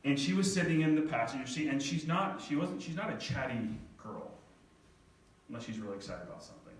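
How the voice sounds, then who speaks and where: A middle-aged man speaks to a crowd in a mid-range voice, heartfelt and a little self-deprecating, sometimes close to tears. The sound is distant and boomy, as if caught from across a big echoey hall. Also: lively intonation, brisk, a little hiss or hum. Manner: heartfelt, self-deprecating, quoting his daughter. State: near tears at moments. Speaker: speaker telling a family story to an audience. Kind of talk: storytelling talk.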